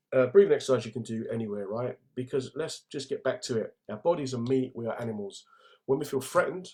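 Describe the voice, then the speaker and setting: A middle-aged man with a London accent talks through a casual livestream. His manner is laddish and jokey, and he breaks off to read and answer viewer comments in a chatty way. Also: medium pitch. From England. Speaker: comedian hosting a livestream.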